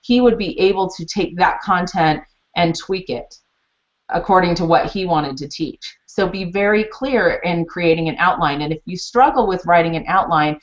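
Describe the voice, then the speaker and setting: A woman's voice: lowish voice, moderate pace. A woman presenting a teaching webinar, explaining steps in a chatty, storytelling way. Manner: chatty storytelling, animated retellings. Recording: muffled lo-fi webinar audio.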